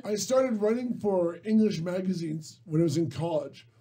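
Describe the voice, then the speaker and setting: A man's voice: high voice, expressive, moderate pace, crowd noise. A man from Michigan hosting a radio talk show, chatting and telling jokey stories. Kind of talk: casual radio banter.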